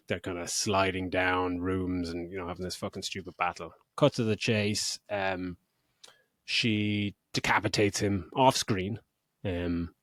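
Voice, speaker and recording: A man's voice: lowish voice, dry recording, clean studio sound. A middle-aged man co-hosting a podcast, recapping a film in casual chat, sarcastic, swearing freely and laughing often. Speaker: podcast co-host.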